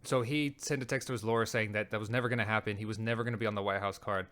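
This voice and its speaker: Fast-talking profane male host. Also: on the low side, fairly even intonation, a bit bright. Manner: heated, profane, rapid ranting. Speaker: show host. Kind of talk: casual commentary on clips.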